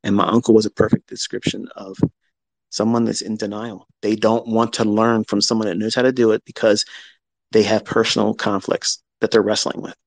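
A man's voice: on the low side, level tone, brisk, gravelly, dry recording, low-quality recording. A man in his fifties hosting a live audio chat, telling a personal story in a blunt, profane way and acting out both sides of old arguments. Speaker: host.

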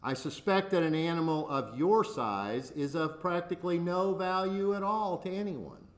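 A man's voice: on the high side, normal speed, natural voice. A man reading as a boastful farm horse. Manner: proud, dismissive.

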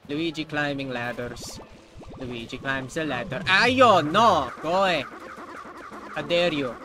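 A man's voice: fairly high pitch, pushed and bright, rough recording. Sarcastic man joking through gameplay. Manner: sarcastic and jokey, talks back to the game. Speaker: let's play host. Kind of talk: casual gameplay commentary.

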